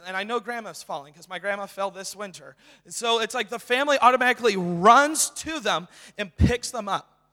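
Young man preaching with high bright voice. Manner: casual, excited, with many fillers. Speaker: guest preacher. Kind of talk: sermon. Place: church. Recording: reverberant hall.

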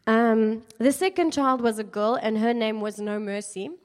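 A woman's voice: fairly high pitch, moderate pace. A woman giving an informal sermon in a chatty, playful way, with many fillers and laughs at her own jokes. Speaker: speaker at a church gathering.

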